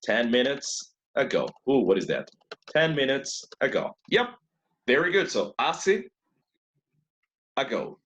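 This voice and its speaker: A man's voice: mid-range voice, big pitch swings, slow, pauses often, a bit bright. A man teaching an English class who praises students often, repeats their answers and switches between English and Spanish.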